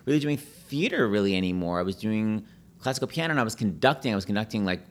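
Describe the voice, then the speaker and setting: A middle-aged man chatting casually, telling animated stories and jumping into high voices when he quotes people. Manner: talks fast, breaks into high put-on voices when quoting people. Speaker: podcast guest, pianist and Broadway host. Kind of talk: casual chat, animated storytelling.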